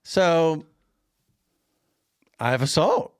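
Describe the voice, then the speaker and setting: A man co-hosting a podcast, casually telling an animated anecdote, laughing often and repeating himself. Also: fairly high pitch, extremely slow, clean tone, no echo, clean studio sound. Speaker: podcast co-host and grocery store owner.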